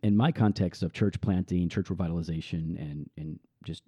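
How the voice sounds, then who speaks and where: A man's voice: low-pitched, normal speed, warm tone, slightly rough, dry recording. A man, a pastor, speaking earnestly and reflectively in a podcast interview. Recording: dull lo-fi dry sound.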